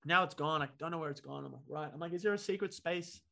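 A man, a comedian guest on a podcast, telling an animated story and acting out the voices of the people in it. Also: a little high, quick pace, gravelly. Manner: animated, acts out quoted voices.

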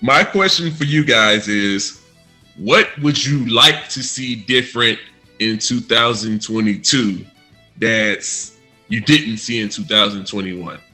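A man's voice: on the low side, takes it slowly, sharp tone, soft background music. A man hosting a casual podcast chat, playful and steering with questions. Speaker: podcast host.

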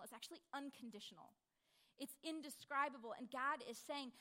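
A woman preaching a sermon, earnest, dropping to a hush and then rising to emphatic peaks. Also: high voice. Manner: earnest, swings between hushed and emphatic.

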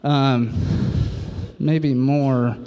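A man's voice: medium pitch, very slow, clear, resonant tone. A man in his thirties telling a stand-up story on a club stage, swearing and acting out every voice. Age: 30s. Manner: animated, profane, acts out quotes. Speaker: stand-up comedian. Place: comedy club stage with audience.

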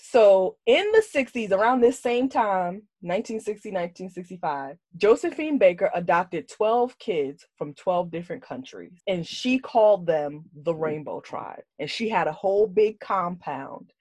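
An animated woman talking on a podcast in a loose, casual chat. She is blunt and swears freely. Her voice sits at an ordinary pitch and sounds dry and close to the mic. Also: a little slow, few pauses, no room sound. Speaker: podcast co-host.

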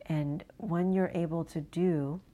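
A woman from New England gently guiding an inner child visualization, speaking softly and slowly and often dropping to a hushed near-whisper. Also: on the low side, steady tone, muffled recording. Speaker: inner child and energy work guide.

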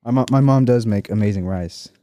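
A man's voice: fairly low pitch, a little fast, dark tone. A man co-hosting a podcast in casual chat, crude and joking, laughing often. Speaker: podcast co-host.

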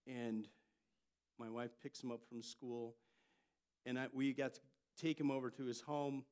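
An older man, a pastor, preaching a sermon and telling family stories with lively jumps in loudness. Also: mid-range voice, unhurried, smooth. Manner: storytelling, animated delivery with jumps in loudness.

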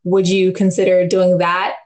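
A woman's voice: fairly low pitch, completely flat delivery, a little slow, a little mellow. A woman hosting a casual conversation, curious and asking her guest questions.

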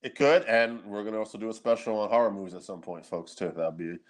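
A man's voice: lowish voice, fast talker. Laughing, rambling male podcast co-host. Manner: loose, rambling, laughs a lot, swears casually. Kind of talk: casual chat.

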